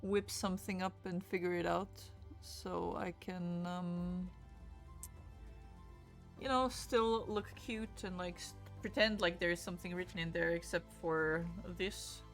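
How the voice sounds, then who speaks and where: A young woman with a gravelly, fry-laden voice runs a laid-back book stream. She chats loosely and curses often, and faint music plays underneath. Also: lowish voice, a little slow. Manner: chatty, swears freely, greets chat excitedly. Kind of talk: casual livestream chat.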